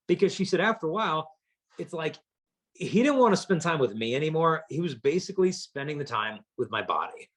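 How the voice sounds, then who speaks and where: Animated husky male youth speaker. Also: a little high, a little fast. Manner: animated storyteller, acts out voices of teens. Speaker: chastity speaker. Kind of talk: motivational talk to students.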